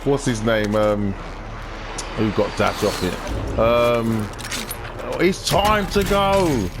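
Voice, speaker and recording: A man's voice: mid-range voice, very slow, background noise. A man chatting casually, chuckling and hesitating with frequent ums. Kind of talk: casual chat while gaming. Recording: clear music in the background.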